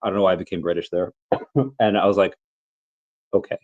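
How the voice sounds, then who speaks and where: Sick with the flu, a crypto livestreamer in his 30s answers questions casually in a low, slightly fast, somewhat mellow voice. He coughs occasionally and keeps restarting as he rambles, and the sound is lo-fi.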